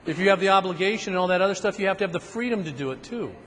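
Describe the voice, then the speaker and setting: A man giving a seminar talk, telling stories in an animated way and acting out other people's voices. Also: high voice, very fast, slight background noise. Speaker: seminar speaker. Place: seminar room. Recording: reverberant hall with faint ambience.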